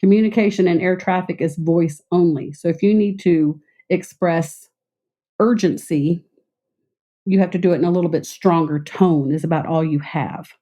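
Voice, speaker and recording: A middle-aged woman from Texas with a trace of a Southern accent, speaking in a mellow, lower register. She explains things plainly and in short, concise phrases, like a guest telling stories from her career. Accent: light Southern American. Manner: clear, concise, measured explanations. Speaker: interview guest, former air traffic controller. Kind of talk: conversational interview.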